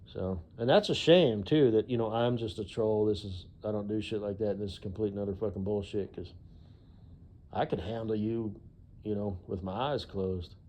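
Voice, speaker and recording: A man's voice: lowish voice, moderate pace, mellow. A man vlogging in a casual, rambling monologue, profane and full of "you know" fillers.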